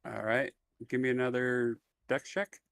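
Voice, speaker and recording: A man's voice: mid-range voice, flat delivery, a little slow, gravelly, a bit bright, dry recording. A man running a tabletop game as game master, describing the scene in a laid-back, easygoing way with plenty of fillers.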